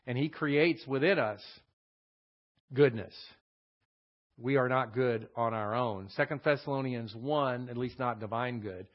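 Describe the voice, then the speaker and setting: Man, Bible teacher, conversational lesson, reads verses with emphasis, mid pitch, dull lo-fi recording. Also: a little slow. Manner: conversational, reads scripture aloud with added emphasis.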